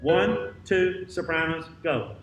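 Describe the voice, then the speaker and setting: A man directing a choir rehearsal, counting off, singing out parts and giving brisk instructions in a rehearsal room with a piano. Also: on the high side. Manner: brisk counting and sung demonstrations. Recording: roomy, distant mic with piano.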